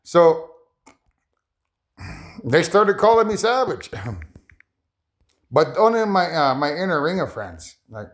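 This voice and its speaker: A man talks to his viewers in a loose, rambling way, his voice rising and falling a lot. He gets excitable and keeps laughing, his pitch jumping high in bursts. His voice sits a little higher than most men's. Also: slow, long pauses. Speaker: vlogger. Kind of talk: rambling casual monologue to viewers.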